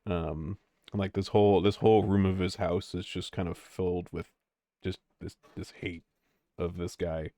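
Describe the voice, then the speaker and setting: A man's voice: low-pitched, fairly even intonation, moderate pace, warm tone, dry recording. A man narrating as game master of a tabletop game, rambling with lots of fillers.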